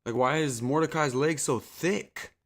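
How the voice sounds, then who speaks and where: A man's voice: fairly high pitch, unhurried. A man streaming a game, chatting to his viewers in a rambling, profane, laid-back way. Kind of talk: casual live-stream chat.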